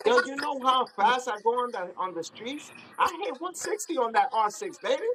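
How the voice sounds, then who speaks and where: A man telling a story as a podcast guest, lively, laughing often and acting out other people's voices. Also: very high-pitched, moderate pace, noisy background. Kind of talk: animated storytelling.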